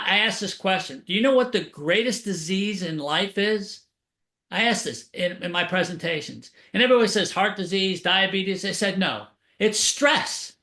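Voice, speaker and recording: A man with a high, bright voice, talking as an upbeat motivational guest on a radio interview. His stories come across with energy. The room around him rings with echo. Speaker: author and keynote speaker.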